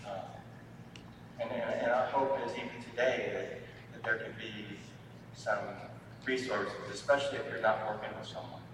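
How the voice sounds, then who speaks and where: A man, a family therapist, giving a sermon-style talk to a church audience, with halting speech and repeated words. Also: fairly low pitch, steady tone, noisy background. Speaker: marriage and family therapist speaking at a church event. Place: church hall. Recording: echoey hall from far off.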